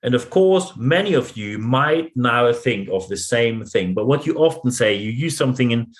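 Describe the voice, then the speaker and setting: A German-accented man delivers a solo podcast monologue on leadership, speaking English as his second language. He talks emphatically, restating phrases to drive each point home, in a voice of middle pitch. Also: expressive, moderate pace. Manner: emphatic, repeats phrases for effect. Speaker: podcast host and leadership coach.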